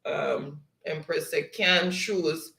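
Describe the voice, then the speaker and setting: A man's voice: a little high, steady tone, creaky, sharp tone, echoey room. A man hosting a livestream, reading viewers' chat aloud and laughing often. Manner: laughs often, slow and easygoing. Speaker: livestream host.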